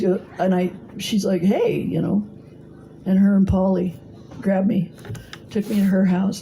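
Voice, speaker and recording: A middle-aged woman speaks from a podium mic in a blunt, salty storytelling voice. Her tone is gravelly and dark, and a faint room hum sits underneath. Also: medium pitch, low-quality recording. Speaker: recovery meeting speaker. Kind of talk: personal testimony talk. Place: meeting hall.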